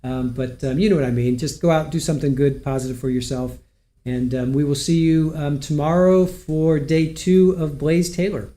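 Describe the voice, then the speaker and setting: A man with a fairly high voice signs off a livestream in loose, friendly chat. He rambles and corrects himself as he goes, talking close to a desk mic. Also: fairly even intonation, moderate pace, warm tone. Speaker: livestream host. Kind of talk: casual livestream sign-off chat.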